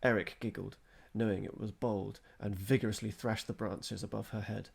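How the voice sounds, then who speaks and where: Low gravelly male storyteller. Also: steady tone, moderate pace, a little mellow. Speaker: narrator. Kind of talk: storybook reading.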